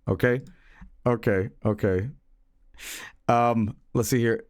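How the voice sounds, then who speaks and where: A man's voice: medium pitch, expressive, moderate pace, dry recording, clean studio sound. A man streaming live, chatting casually about a movie he saw, with rambling, profane, joking storytelling.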